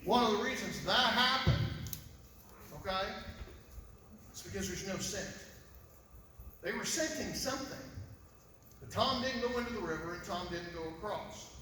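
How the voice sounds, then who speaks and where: A man's voice: sits high, animated, moderate pace, pauses often, pushed and bright, slight background noise. Emphatic man in an echoey hall. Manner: emphatic, rhetorical questions. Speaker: civil investigator. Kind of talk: press conference briefing. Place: press conference room. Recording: echoey hall, voice far from mic.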